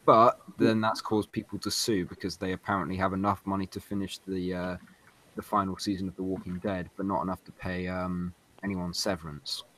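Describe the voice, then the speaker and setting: Rambling low-voiced man explaining. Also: little pitch movement, brisk, a bit bright, a little hiss or hum, poor audio. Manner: rambling explainer, many fillers. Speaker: podcast co-host. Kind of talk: casual group chat.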